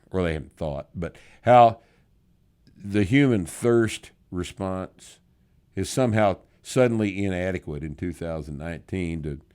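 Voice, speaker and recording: Blunt, deep-voiced older man. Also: darkish tone, clean tone. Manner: blunt, profane and sardonic. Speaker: podcast host answering listener questions. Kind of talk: casual podcast Q&A.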